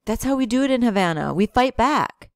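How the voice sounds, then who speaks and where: A woman reading aloud and voicing an excitable teenage boy who talks in brash, hyped-up slang. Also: fairly high pitch, a little fast, clean tone, no room sound, studio quality, voice pushed up. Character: excitable teen boy, loud, show-off joker.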